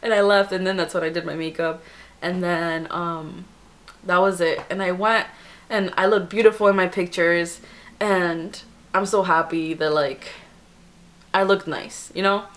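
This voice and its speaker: A young woman and beauty vlogger telling a personal story in a casual, animated way, full of "like" fillers. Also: lowish voice, unhurried. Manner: chatty, animated retelling with many "like" fillers.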